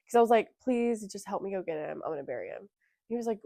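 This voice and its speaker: A young woman on a podcast tells a long story in a casual, animated way, swearing often and slipping into the voices of the people she quotes. Her voice sits in a middle register. The sound is dry and close to the mic. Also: mid-range voice, fast talker, no room sound. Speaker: podcast co-host.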